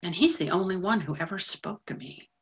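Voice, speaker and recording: A woman's voice: fairly low pitch, husky. An actress playing a lonely middle-aged female janitor in a stage monologue, confiding in a rush of feeling. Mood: wistful. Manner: confiding, breathless rushes of feeling. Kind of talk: stage monologue in a theatre broadcast.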